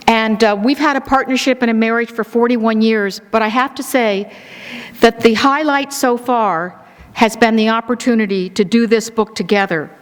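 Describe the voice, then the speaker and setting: A woman in her sixties giving a public talk and telling personal stories in a warm, sentimental, gently humorous way. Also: fairly high pitch. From United States. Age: 60s. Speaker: speaker presenting a book. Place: event hall. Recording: live talk in a reverberant hall.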